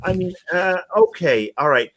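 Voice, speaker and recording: A man's voice: sits high, expressive, moderate pace, a bit bright, slight background noise. A man co-hosting a casual podcast discussion, rambling and sarcastic, swearing freely and full of fillers. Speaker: podcast co-host.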